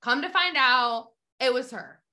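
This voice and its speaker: Woman, higher pitch, bright tone, emphatic casual storytelling. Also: animated, a little slow. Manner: emphatic and heated, stressing how upset she was.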